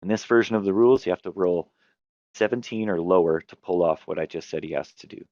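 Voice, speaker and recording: A man's voice: deep voice, fast talker, mellow, dry recording, dull audio. A man hosting a podcast, chatting casually as a game master who tells a long story and often stops to correct himself. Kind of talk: casual chat about tabletop games.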